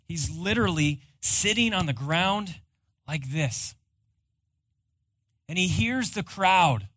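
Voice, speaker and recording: Slow, dry-voiced preaching man. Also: high voice, expressive, no echo. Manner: dramatic storytelling, swings from loud to hushed. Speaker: pastor. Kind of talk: sermon.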